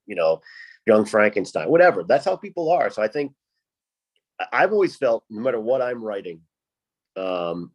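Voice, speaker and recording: A man from Rhode Island hosting a podcast, chatty and laughing often. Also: lowish voice. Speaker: podcast host. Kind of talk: casual chat.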